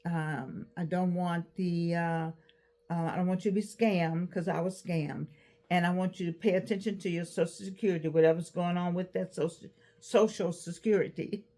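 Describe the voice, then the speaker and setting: A woman in her eighties talking casually to camera, giving advice with animated repeats and restarts. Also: on the low side, normal speed. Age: 80s. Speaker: vlogger.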